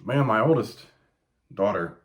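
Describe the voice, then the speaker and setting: Here the late-thirties podcast host talks at a measured pace in a fairly low voice. His casual storytelling is lively and laced with swearing, with quotes delivered as yelps.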